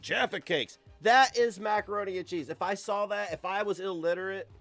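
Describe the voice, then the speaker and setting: Here the young American streamer's voice is high-pitched and a little bright, moving at a normal pace with no echo. Soft music plays behind his rambling, crude, sarcastic chat from his home computer setup.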